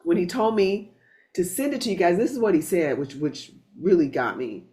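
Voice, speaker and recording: Low-voiced woman telling stories casually. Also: moderate pace. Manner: animated storytelling, swears, many restarts. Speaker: satsang host. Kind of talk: casual spiritual chat.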